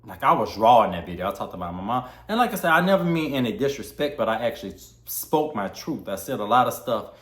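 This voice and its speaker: Young man, heartfelt storytelling, mid-pitched voice, echoey room. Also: sing-song, fast, hardly any pauses. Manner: heartfelt, acts out quoted dialogue. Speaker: vlogger. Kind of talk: candid personal storytelling. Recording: roomy echo.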